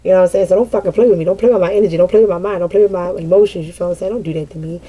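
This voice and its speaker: A woman's voice: on the low side, steady tone, very fast, mellow, a little hiss or hum. A woman giving a casual vent session to her viewers as a tarot reader, dramatic and profane, often breaking into laughter.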